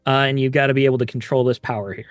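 A man's voice: mid-range voice, steady tone, rapid-fire, faint music behind. A man running a tabletop superhero game as game master, with dry teasing remarks.

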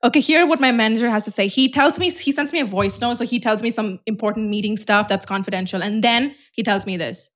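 A woman co-hosting a podcast, telling a story in a casual, animated way, swearing and laughing often. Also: a little high, fast talker, hardly any pauses. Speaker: podcast co-host. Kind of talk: casual chat.

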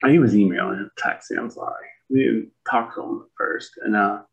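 A man from Michigan co-hosting a podcast, telling a rambling story with many pauses and restarts. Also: lowish voice, gravelly. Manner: rambling, full of fillers and restarts. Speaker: podcast co-host. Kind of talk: casual storytelling chat. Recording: dull lo-fi sound.

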